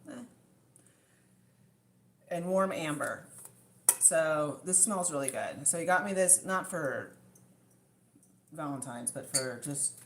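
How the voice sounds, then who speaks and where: A woman's voice: low voice, expressive, slow pace, long pauses, slight background noise. A middle-aged woman chatting casually on her livestream, rambling and out of breath, thanking viewers by name. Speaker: livestream host.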